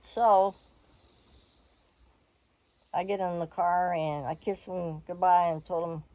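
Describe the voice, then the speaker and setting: An older woman telling a personal story in a frank, animated way, laughing and swearing freely. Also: on the low side, slow pace, no echo, rough recording.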